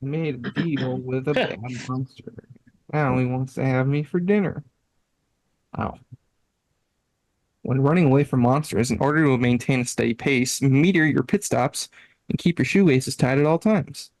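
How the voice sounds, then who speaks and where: A man's voice: mid-range voice, normal speed, long pauses, darkish tone, no room sound, poor audio. A man co-hosting a casual podcast, reading website text aloud with playful emphasis and frequent laughter. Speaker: podcast co-host.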